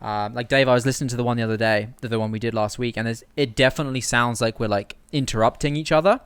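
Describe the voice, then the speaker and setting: A man co-hosting a podcast over a video call, easygoing and asking measured questions. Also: mid-range voice, steady tone, fairly bright tone, clean tone, dry recording. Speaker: podcast co-host. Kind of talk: casual chat.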